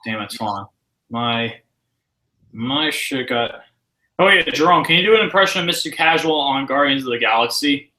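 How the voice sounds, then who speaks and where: A man hosting a casual podcast, reading listener questions with excited, profane commentary. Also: mid-range voice, normal speed, poor audio. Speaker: podcast host. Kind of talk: casual chat.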